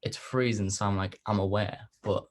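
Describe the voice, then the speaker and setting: A man's voice: fairly low pitch, fairly even intonation, normal speed. Laid-back man with a groggy morning voice. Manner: laid-back, chatty, says "um" often. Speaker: host. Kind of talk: casual interview chat.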